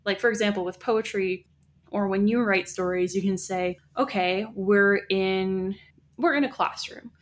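A woman co-hosting a relaxed podcast chat, explaining things at length. She talks in a loose, conversational way, often restarting her sentences. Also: medium pitch, a little slow. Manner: explanatory, chatty, with many restarts. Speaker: podcast co-host. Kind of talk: casual chat about writing.

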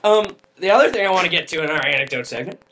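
A man's voice: a little high, lively intonation, very fast, pushed and bright, a little hiss or hum, rough recording. A man co-hosting a podcast, telling a rambling, joking story in casual chat. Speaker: podcast co-host.

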